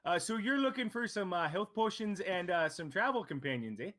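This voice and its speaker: A man's voice: high voice, lively intonation, a little fast, a bit bright, voice pushed up. A man doing a folksy rambling shopkeeper. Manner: folksy, rambling, tags lines with "eh". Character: chatty friendly male shopkeeper.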